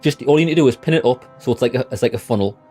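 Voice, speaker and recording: Mellow-voiced British gaming streamer, a man. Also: mid-range voice, racing, husky, faint music behind. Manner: chatty, rambling, blunt and sweary. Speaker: gaming livestreamer. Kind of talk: casual chat with live chat.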